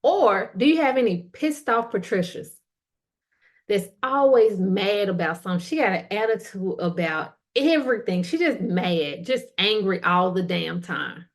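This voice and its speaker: A woman's voice: medium pitch, animated, unhurried. A middle-aged woman hosting a motivational podcast, talking casually and colloquially while asking the listener direct questions. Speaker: podcast host.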